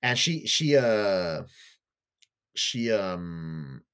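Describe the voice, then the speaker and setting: A man's voice: deep voice, very animated, extremely slow, a bit bright, smooth. A man on a casual podcast, animatedly retelling a TV plot in a rambling way, full of fillers and casual swearing. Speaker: podcast co-host.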